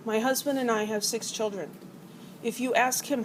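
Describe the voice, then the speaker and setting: Teaching a college chemistry class, a middle-aged woman lectures playfully, turning atoms into arguing characters to explain ideas. She speaks at a moderate pace in a fairly high pitch, and the rough recording has a little hiss or hum.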